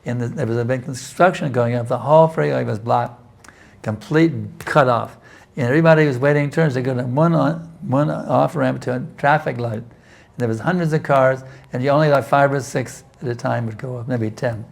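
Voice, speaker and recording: Answering questions in a relaxed scripture class, this spiritual teacher speaks at normal speed in a creaky, medium-pitched voice with fairly even intonation. He often restarts and says "you see," and sometimes slips into intense pleading while acting out prayers.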